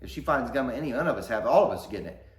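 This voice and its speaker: A man in his forties, a vlogger telling a story in a casual, animated way, often rising loud and high in excitement, talking from his workshop. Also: rapid-fire. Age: 40s. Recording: echoey workshop room.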